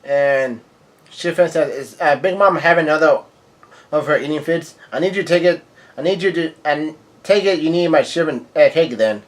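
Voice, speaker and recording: A man with a slightly high voice reads comic panels aloud in an offhand way. He quotes characters flatly, trips over words and corrects himself. Now and then he breaks off to react in surprise. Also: normal speed. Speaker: manga reaction reader. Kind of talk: casual reading and reacting.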